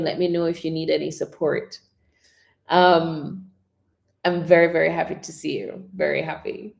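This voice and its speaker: A woman coaching public speaking on a live stream, expressive, modelling whispers and dramatic pauses. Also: low voice, creaky, roomy sound.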